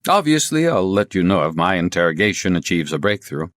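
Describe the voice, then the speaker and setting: Man reading polite formal colonel, very low voice, lively delivery, dry close sound, audiobook. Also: fairly quick, no echo. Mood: courteous. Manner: formal, courteous. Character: polite, measured male Latvian police colonel.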